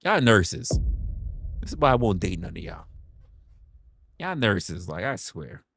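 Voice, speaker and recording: A young man telling a story to his viewers, cursing freely and acting out every line. His low voice jumps all over in pitch, and the sound is dry and close. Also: a little slow, creaky, breathy edge, no echo. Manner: animated, profane, acts out quotes. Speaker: livestream host.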